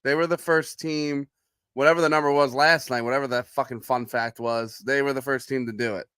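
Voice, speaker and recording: A man's voice: mid-range voice, fairly even intonation, fairly quick, a bit bright, clean tone, dry recording. A man with a Philadelphia accent co-hosting a sports podcast, blunt, sarcastic and profane in casual chat over a remote call. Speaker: podcast co-host.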